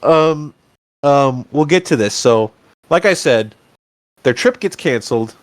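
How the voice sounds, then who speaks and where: A man co-hosting a podcast, chatting casually about a film and acting out the characters' lines in an animated way. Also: mid-range voice, a little slow, no room sound. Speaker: podcast co-host. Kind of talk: casual movie review chat.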